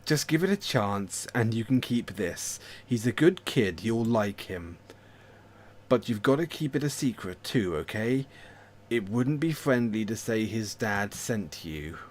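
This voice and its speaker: A man's voice: fairly low pitch, big pitch swings, unhurried. A man voicing an overeager, awkward dad who lives across the street, pushing a deal in a raised, pleading voice. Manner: pushy and pleading, raised and bright. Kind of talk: reading a game character aloud.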